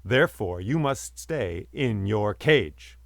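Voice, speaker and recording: A man's voice: lowish voice, expressive, slow pace, gravelly, fairly bright tone, dry recording, clean studio sound, exaggerated voice. A man voicing a clever, chatty male songbird that teases and coaxes a human in a spoken folktale. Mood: mocking. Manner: chatty, teasing, talks the man round. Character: cheeky talking male songbird, clever trickster.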